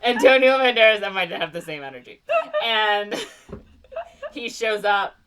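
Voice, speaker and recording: A woman's voice: mid-range voice, animated, measured pace, far from the mic, a crowd in the background. A woman hosting a podcast, chatting casually in a giggly, rambling way with lots of fillers. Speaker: podcast host. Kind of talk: casual chat.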